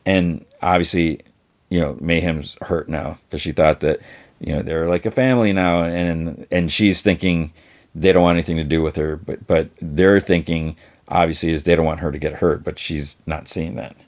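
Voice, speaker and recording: A man's voice: low voice, steady tone, moderate pace. A man hosting a podcast, loosely recapping TV episodes with lots of fillers and restarts. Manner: rambling, many fillers and restarts. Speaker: podcast host.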